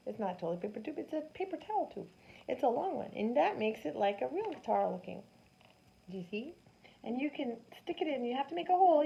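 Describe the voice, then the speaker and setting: Animated woman teaching children science. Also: high voice, gravelly. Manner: animated, sing-song, asks the children questions. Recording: dull lo-fi sound with faint noise.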